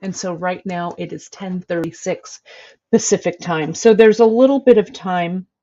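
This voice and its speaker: A woman's voice: on the low side, moderate pace, mellow. A woman hosting a live beading show, chatting casually and fondly with a playful, laughing manner. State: winded from lifting a heavy cat. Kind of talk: casual live-stream chat. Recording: slightly dull lo-fi stream audio.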